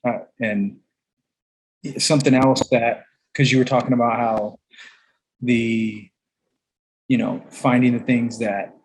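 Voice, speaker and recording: A man's voice: mid-range voice, steady tone, takes it slowly, long pauses, a little hiss or hum, low-quality recording. A man co-hosting a casual podcast, talking in a loose, rambling way and swearing casually. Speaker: podcast co-host.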